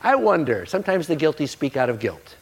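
Animated, jokey male preacher. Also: on the high side, a little fast. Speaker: pastor. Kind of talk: sermon.

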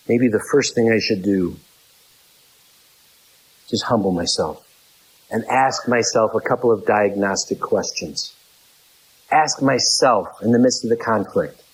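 A middle-aged man preaching a sermon, laying out numbered points and repeating key phrases for emphasis. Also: rough recording. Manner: acts out quoted voices in a high pitch.

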